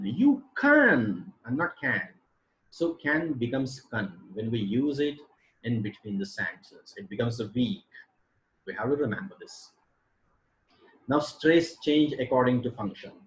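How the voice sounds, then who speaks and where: A man giving a phonology lecture to teachers, modelling word pairs slowly and deliberately. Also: medium pitch, expressive, poor audio. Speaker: English teacher.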